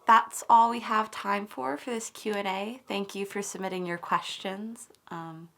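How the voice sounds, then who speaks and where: A woman's voice: medium pitch, steady tone, measured pace, a bit bright. A young woman co-hosting a hobby video, chatting casually in a playful, teasing way. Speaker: co-host of a model-kit channel. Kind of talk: casual chat.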